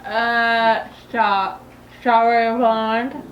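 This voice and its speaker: A woman bantering playfully during a comedic movie review and chiming in with quick remarks. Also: a little high, level tone, echoey room, dull audio. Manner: playful, interjecting.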